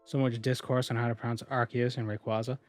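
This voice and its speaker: A man's voice: medium pitch, level tone, fast talker, no room sound, soft background music. A man streaming a game, chatting casually and reading viewer comments aloud before answering them. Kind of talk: casual live-stream chat.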